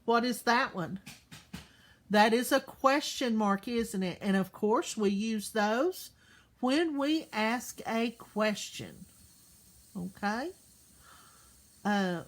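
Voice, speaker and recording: A woman's voice: fairly high pitch, animated. A woman teacher giving a recorded lesson to young children, patient and full of questions. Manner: slow, patient, asks questions and checks in with "okay?".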